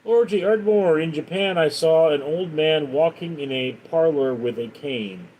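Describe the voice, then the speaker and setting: A man's voice: on the high side, unhurried, darkish tone, rough recording. A man hosting a live stream, casually reading out viewers' comments and answering them with chatty stories. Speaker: livestream host.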